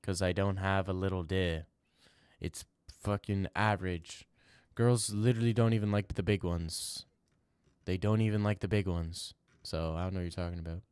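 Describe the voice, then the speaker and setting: A young man streaming live, reading chat and answering in loud, mock-outraged rants. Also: low-pitched, steady tone, normal speed, clean tone, no echo.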